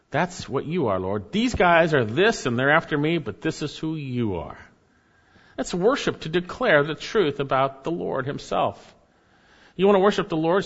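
A male pastor delivering a sermon in a middle-pitched voice. He swings between loud, raised emphasis and quiet, hushed readings of scripture. The recording sounds slightly muffled and lo-fi.

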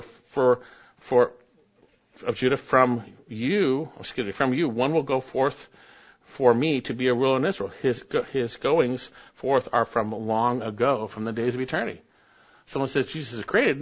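A male pastor delivers a sermon at a middle pitch, swinging from quiet, measured scripture reading to sharp, forceful peaks of emphasis. The recording is a little dull and muffled.

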